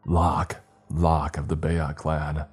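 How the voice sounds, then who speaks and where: A hulking, rabid beast of a man taunts his enemy with snarling threats, played by a male narrator. His voice sits extremely deep and dark, with a mocking cruelty in every line. Faint music plays underneath the audio-drama reading. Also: level tone, slow, slightly rough, full character voice. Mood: menacing taunts.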